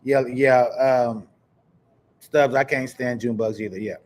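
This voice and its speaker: A man from Kansas hosting a live podcast, telling stories in an animated, chatty way and talking straight to his viewers. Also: medium pitch, slow pace. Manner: animated storyteller, chatty, addresses viewers directly. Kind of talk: casual live-stream chat.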